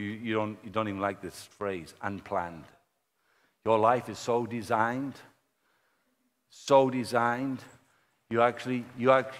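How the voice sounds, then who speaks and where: A man preaching a sermon, telling a story in a lively way and acting out the people he quotes. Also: mid-range voice. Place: church hall. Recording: long church-hall reverb.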